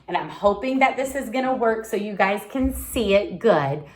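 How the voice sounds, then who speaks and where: A woman teaching an online lesson for young children, talking in a slow, sing-song, encouraging way as a preschool teacher. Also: mid-range voice, animated.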